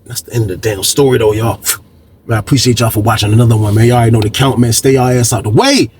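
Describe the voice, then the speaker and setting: A man's voice: mid-range voice, fast, a little mellow, a little hiss or hum. A man hosting a storytelling video, talking casually and profanely, acting out quoted voices and repeating "man" a lot. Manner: profane, repetitive, keeps saying "man".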